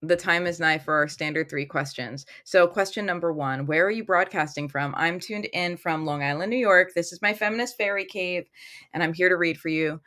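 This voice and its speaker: Talking into her phone at home during a casual tarot livestream, this woman is upbeat and chatty as she reads out viewer comments. She speaks briskly in a lowish voice that sounds pushed and bright.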